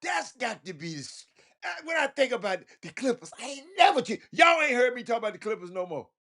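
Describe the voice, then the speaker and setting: A very high-pitched man who talks fast is hosting a relaxed sports talk livestream. He has a Houston, Texas accent and is animated, laughing often while speaking directly to his chat.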